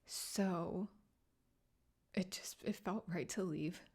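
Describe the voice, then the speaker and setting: Woman hosting a solo podcast, halting and teary, lots of near-whispers, a bit of vocal fry. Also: on the low side. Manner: soft, halting and tearful, often dropping to a whisper. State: emotional, near tears. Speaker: podcast host and grief coach. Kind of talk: personal solo podcast monologue.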